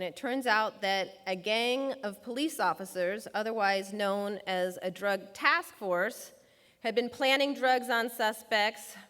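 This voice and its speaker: A woman's voice: a little high, a bit bright. A woman giving a prepared talk, telling a personal story and acting out the voices of the people in it. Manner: storytelling, acts out quoted voices. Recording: long reverb of a large hall.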